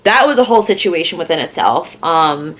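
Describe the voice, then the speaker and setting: A woman's voice: lowish voice, expressive, fairly quick, fairly bright tone. A young woman from Philadelphia telling a rambling story on her vlog, with lots of "like" and swearing. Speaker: horror vlogger.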